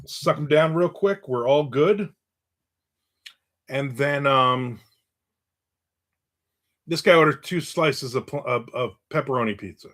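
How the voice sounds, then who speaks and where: A man's voice: mid-range voice, slow pace, pauses often, fairly bright tone. A middle-aged man casually telling a story about his day, acting out the voices of the people in it. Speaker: vlogger telling an anecdote.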